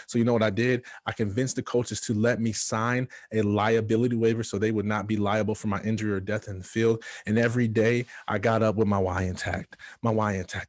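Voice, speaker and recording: A man from Michigan giving a motivational speech, telling his own story with dramatic pauses and hushed asides. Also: on the low side, little pitch movement, no echo, studio quality. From Michigan, USA. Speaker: motivational speaker.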